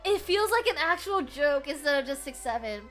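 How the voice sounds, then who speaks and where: A woman streamer chats casually with a high, bright voice. She is animated, breaks into laughter often and swears freely. Faint music plays underneath. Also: moderate pace. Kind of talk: casual chat.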